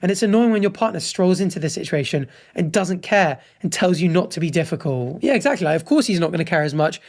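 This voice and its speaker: A man with a fairly high voice reads out online posts in a relaxed commentary style. He breaks in often with blunt, frank reactions and verdicts. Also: fast talker, gravelly. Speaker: host reading and judging online posts. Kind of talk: casual commentary.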